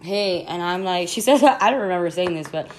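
A woman's voice: lowish voice, lively intonation, quick pace. A young woman hosting a podcast, telling a rambling storytime at home in a casual, slangy way with frequent laughs. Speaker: podcast host. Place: her home.

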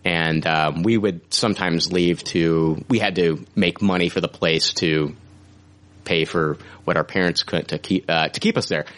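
A man's voice: low voice, steady tone, unhurried, a bit bright. Rambling, swearing male podcast host. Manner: rambling, swears a lot, many fillers. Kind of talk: casual chat.

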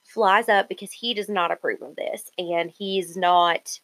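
A woman's voice: lowish voice, steady tone, a little slow, fairly bright tone. A woman co-hosting a casual chat, retelling a reality show in detail.

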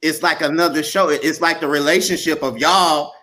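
A man's voice: fairly high pitch, fairly even intonation, brisk, pushed and bright. A man hosting a podcast, asking laid-back questions with short encouraging replies. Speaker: podcast host. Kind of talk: casual interview chat.

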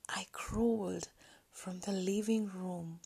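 On her podcast, a woman tells a personal story in a near-whisper that is soft and breathy. Her mid-range voice holds a steady tone even as she hesitates and halts through many pauses.

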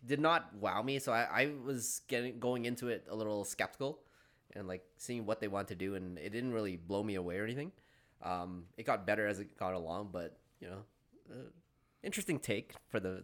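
A man's voice: on the low side, a bit bright. A man co-hosting a casual film podcast, rambling easily with many fillers. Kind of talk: casual chat.

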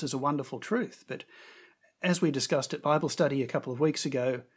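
A man preaching a sermon, telling the story with expressive emphasis and lifting his voice on quoted words. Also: fairly high pitch, slightly rough.

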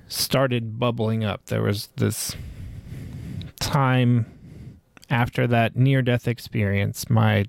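Slow, gravelly-voiced man reflecting. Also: mid-range voice, darkish tone, dry recording. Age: 40s. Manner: rambling, reflective, many fillers and restarts. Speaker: podcast host. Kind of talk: personal reflective monologue.

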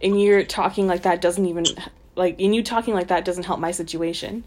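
A woman's voice: lowish voice, fairly even intonation, brisk, a little mellow, slight background noise. A woman co-hosting a podcast, reading a trashy novel aloud with sarcastic, giggly asides. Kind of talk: mocking dramatic reading with commentary.

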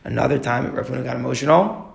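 Fast, gravelly male Torah teacher. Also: medium pitch. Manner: explains text line by line, asks rhetorical questions. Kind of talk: Talmud class lecture. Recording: echoey room.

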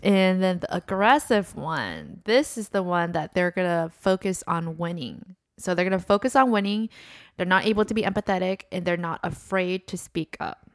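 A woman's voice: on the low side, expressive, moderate pace, no room sound, clean studio sound. A young woman co-hosting a podcast, explaining ideas in casual chat with lots of fillers. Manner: explains at length with many fillers. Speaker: podcast co-host.

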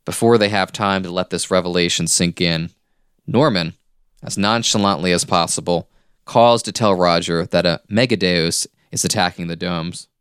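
Podcast co-host, male, deep and clean, dry close mic, casual recap read. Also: normal speed, fairly bright tone, clear, resonant tone, no room sound. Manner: reads plot summary with casual asides. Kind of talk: casual chat, reading a plot recap.

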